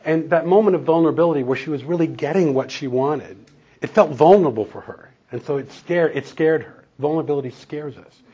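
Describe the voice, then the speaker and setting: A man's voice: on the high side, a little fast, dark tone, breathy edge, dull audio. A man preaching a sermon in a conversational, storytelling way, chuckling now and then. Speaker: pastor and counselor.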